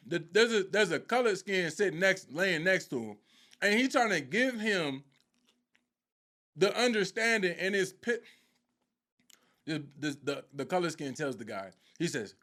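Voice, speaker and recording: Animated man retelling a show. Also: high-pitched. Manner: lively storytelling with quoted voices. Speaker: faith teacher. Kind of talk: animated live teaching.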